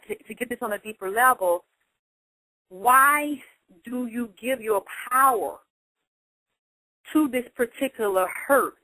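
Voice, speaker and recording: A woman's voice: medium pitch, fairly bright tone, no echo, low-quality recording. A woman speaking in a casual monologue, blunt and profane, repeating points for emphasis. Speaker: vlogger giving life advice.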